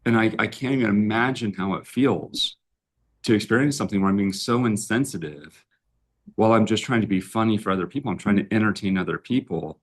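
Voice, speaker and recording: A man with a somewhat low voice talks through a live-streamed relationship chat. He tells personal stories in a loose, conversational way and keeps checking in with his listeners. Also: fairly quick. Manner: storytelling, often tags lines with "right?". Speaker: relationship coach and host. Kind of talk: casual conversation.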